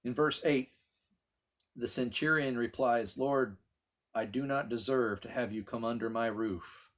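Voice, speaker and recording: A man's voice: mid-range voice, measured pace, a bit bright. A man leading a Bible study as pastor, teaching in an earnest, emphatic way.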